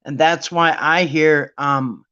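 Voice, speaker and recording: Sarcastic ranting man, slightly high voice. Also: fairly even intonation, slow, pushed and bright, clean tone, lo-fi sound. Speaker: bible study host. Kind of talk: casual opinionated monologue.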